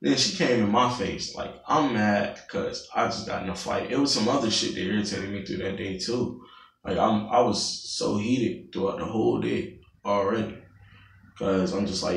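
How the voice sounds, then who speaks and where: A young man with a gravelly, creaky voice tells a story full of cursing for his vlog. His voice sits at an average pitch, and the sound is roomy, picked up from some distance. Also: moderate pace. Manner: profane, animated storytelling. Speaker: vlogger.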